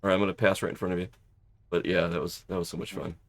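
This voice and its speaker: Rambling low-voiced male streamer. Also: little pitch movement, rapid-fire. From Southern California. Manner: rambling, stammers and restarts, chatty. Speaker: streamer playing a flight simulator. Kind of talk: casual live-stream chat with radio calls.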